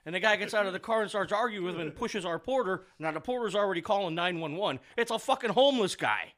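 A man with a fairly high, very lively voice and a bright, forceful edge. He swears freely and tells stories with energy in casual talk with friends. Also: quick pace. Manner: profane, animated storyteller. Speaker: works at a car dealership service department. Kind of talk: casual chat.

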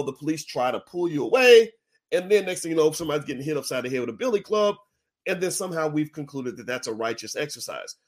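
A man talking frankly and bluntly to an audience, jumping from low muttered asides to loud, high exclamations. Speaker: speaker. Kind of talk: talk to an audience.

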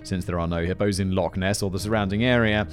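A man's voice: low voice, fairly even intonation, fast talker, soft background music. A man presenting a scripted narration, often breaking off into chatty, self-deprecating tangents.

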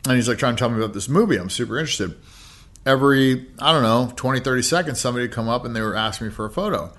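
Podcast guest, American man, thirties, loose profane storyteller, sharp bright tone. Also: medium pitch, lively intonation, very fast. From United States. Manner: laid-back, heavy swearing, many fillers. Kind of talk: casual storytelling.

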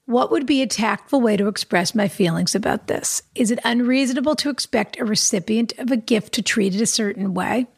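A woman's voice: a little high, fairly quick, few pauses, breathy edge, no echo, clean studio sound. A woman co-hosting an advice podcast, chatting playfully, laughing easily and reading a listener's letter aloud. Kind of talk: casual chat and letter reading.

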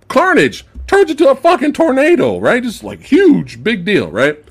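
A male podcast host chatting casually about a movie, animated, swearing freely, laughing often and acting out movie lines. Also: a little high, normal speed, few pauses. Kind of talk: casual movie review chat.

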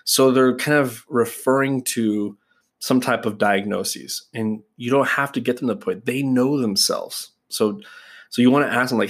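A man's voice: medium pitch, normal speed. A man teaching other practitioners in a casual, conversational way, talking straight to his listeners. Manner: conversational, addresses listeners as "guys", acts out client exchanges. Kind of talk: casual instructional talk.

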